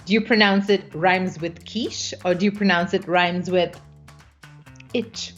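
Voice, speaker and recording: A woman's voice: on the low side, fairly even intonation, moderate pace, dull audio, soft background music. A woman coaching her viewers in a casual live stream, chatty and playful, often laughing.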